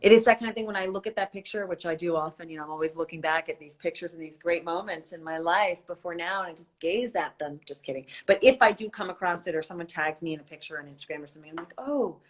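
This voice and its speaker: A woman guest on a live stream over her phone, chatting in a wry, joking way and telling lively stories. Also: lowish voice, fast talker, few pauses. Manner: wry, joking, animated storyteller. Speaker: actress and guest. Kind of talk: casual chat.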